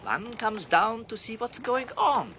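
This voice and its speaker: An actor playing a mocking, half-mad sailor adrift in a lifeboat in an old radio drama, taunting the others. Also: male voice, sits high, sing-song, unhurried. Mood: sly. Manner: taunting, gloating, bursts of wild laughter. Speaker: shipwreck survivor in a boat. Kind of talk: vintage radio drama acting. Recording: noisy old radio recording.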